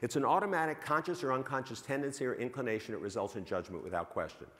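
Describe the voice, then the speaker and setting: A man giving a lively conference keynote, asking the audience questions and correcting himself as he goes. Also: mid-range voice, fast. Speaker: keynote speaker on bias. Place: large conference hall. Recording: hall reverb from a stage mic.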